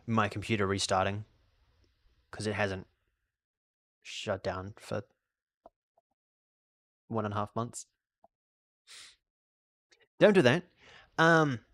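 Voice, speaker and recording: A man's voice: medium pitch, dry recording. An Australian man streaming a game and chatting casually, rambling and restarting his sentences as he answers chat. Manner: reads out and answers chat questions. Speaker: live streamer.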